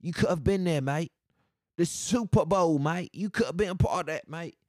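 A man putting on an exaggerated foreign accent, full of "mate", with a slow and over-emphatic delivery. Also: medium pitch, no echo, clean studio sound, close to an everyday voice. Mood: hamming.

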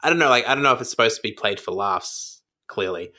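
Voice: medium pitch, expressive, sharp tone. A speaker chatting casually in a playful, teasing way. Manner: playful, teasing, quick to laugh. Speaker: conversation partner. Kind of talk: casual chat.

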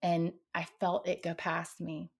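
A woman's voice: on the low side, completely flat delivery, unhurried, vocal fry, slightly rough. A woman guest on a podcast, telling a personal paranormal story in a dramatic, vivid way.

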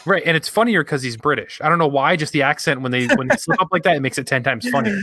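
A man's voice: fairly high pitch, animated, quick pace, bright, forceful tone, no echo. A young man co-hosting a podcast, chatting casually and rambling through work stories while acting out his coworkers' lines. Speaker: podcast co-host. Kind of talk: casual chat.

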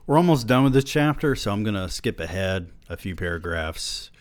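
A man hosting a podcast, reading a novel aloud with wry, deadpan asides. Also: low voice, a little fast, hardly any pauses, no room sound. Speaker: podcast host.

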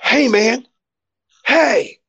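A man voicing a drunk, sunburnt male race fan who gushes with gratitude, in a raised, excited voice. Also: very high voice, very slow, husky, pitched above the performer's own voice, heavily acted.

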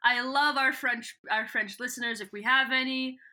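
A woman's voice: fairly high pitch, normal speed, a loud crowd. A woman co-hosting a podcast, casually recapping a story and laughing often. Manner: giggly, animated storyteller. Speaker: podcast co-host.

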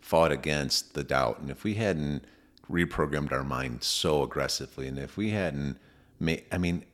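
A man's voice: rumbling low, moderate pace. A man co-hosting a podcast who speaks earnestly and with emphasis in casual conversation. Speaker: podcast co-host.

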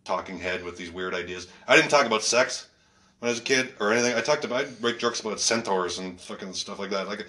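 A male stand-up comedian telling stories in casual chat, animated and laughing often, swearing freely. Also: fairly low pitch, fast. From Canada.

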